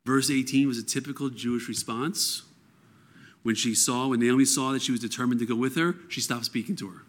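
A man's voice: medium pitch, brisk. Man teaching through a Bible passage. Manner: reads scripture aloud, then explains it conversationally.

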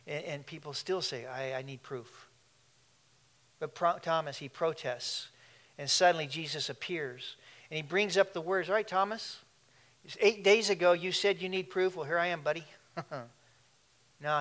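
Man, pastor preaching, animated, laughing asides, fairly high voice. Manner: animated, laughing asides, shifts between loud and hushed. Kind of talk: sermon.

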